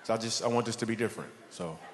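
A man performing a stand-up comedy set, telling animated stories and acting out characters. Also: lowish voice, rapid-fire. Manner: animated storytelling, acts out characters. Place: church hall with a live audience. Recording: long hall reverb, audience noise.

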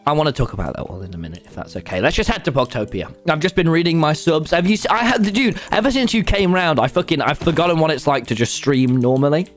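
A man's voice: fairly high pitch, quick pace, hardly any pauses, soft background music. A young man, streaming and chatting while he plays, swearing often and telling stories with lots of energy. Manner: excitable, swears often, tells stories animatedly. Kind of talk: casual gaming chat.

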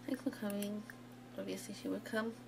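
A woman's voice: medium pitch, steady tone, moderate pace, creaky. Woman gaming host, casual chatty commentary over game music. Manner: chatty, giggly, cheering on the game. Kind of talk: casual let's play commentary.

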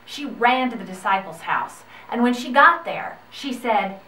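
A woman's voice: a little high, a little slow. Woman telling a children's Bible story. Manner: gentle, expressive storytelling. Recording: echoey room, far from the mic.

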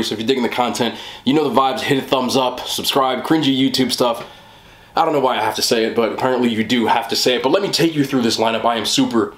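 A man's voice: on the low side, echoey room. A man hosting a casual food review video, talking in an enthusiastic, chatty, rambling way. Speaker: mukbang host.

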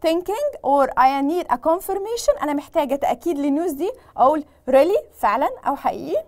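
An Egyptian woman teaching a bilingual English lesson, explaining in English and repeating each phrase in Egyptian Arabic, acting out the sample phrases with expressive emphasis. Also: high-pitched, very fast, hardly any pauses.

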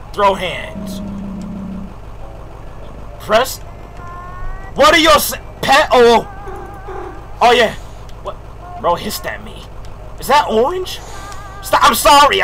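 A young man streaming a game, talking loudly and excitedly in jokey slang, swearing often and reacting out loud. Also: extremely high pitch. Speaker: gaming streamer. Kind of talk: live gameplay commentary.

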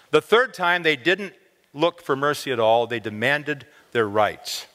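Male chapel speaker, mid-pitched, expressive storyteller, long reverb from the hall. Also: unhurried. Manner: expressive, lifts pitch on key words. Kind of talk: storytelling sermon. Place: college chapel.

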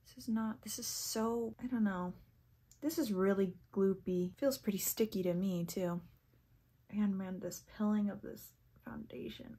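A young woman reviewing makeup on camera, chatty and easily excited, sometimes reading product text aloud and tripping over words. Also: medium pitch, normal speed. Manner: chatty and excitable, gasping at swatches. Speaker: beauty vlogger. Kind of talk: casual first-impressions makeup review.

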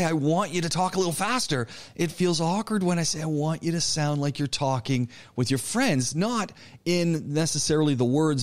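A man teaching an online public speaking class, lecturing in an animated, coaching way with frequent restarts. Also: fairly high pitch. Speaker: college public speaking instructor.

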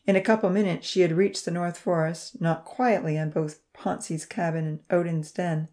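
Woman narrator, low mellow voice, calm even audiobook reading. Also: moderate pace. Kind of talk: scripted narration.

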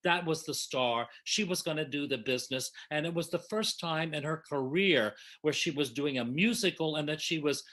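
Man in his seventies, fairly high-pitched, heartfelt anecdotes, video call sound. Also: moderate pace, few pauses, fairly bright tone. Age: 70s. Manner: emotional, affectionate storytelling with restarts. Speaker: original cast member at a reunion. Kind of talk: reminiscing on a video panel.

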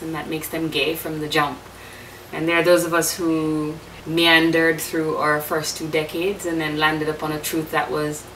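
A woman's voice: low-pitched, fairly bright tone, roomy sound, recorded from a distance, slight background noise, rough recording. A woman telling her life story in an interview, frank and emphatic, swearing freely, with lyrical phrasing. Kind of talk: candid personal storytelling.

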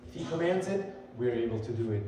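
A pastor's mid-range, mellow voice moves at a quick pace with lively intonation as he preaches earnestly and conversationally, building emphasis through scripture quotes. It's captured far off in an echoey sanctuary hall with slight background noise.

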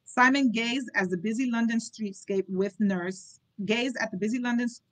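A woman's voice: fairly high pitch, moderate pace, rough recording. A young woman hosting a book club, reading a novel aloud and breaking off for chatty, candid asides, often stumbling and restarting.

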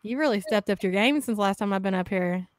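A woman's voice: medium pitch, brisk, no room sound, clean studio sound. A woman guest on a livestream panel, chatting over a video call in a blunt, teasing way. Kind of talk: casual livestream chat.

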